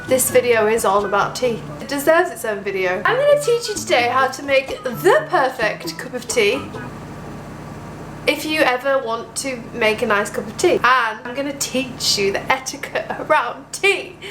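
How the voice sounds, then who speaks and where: A woman's voice: high voice, echoey room. A woman chatting playfully in a casual home vlog from her kitchen. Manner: chatty and playful, jokey asides. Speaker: vlogger. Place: home kitchen with washing machine running.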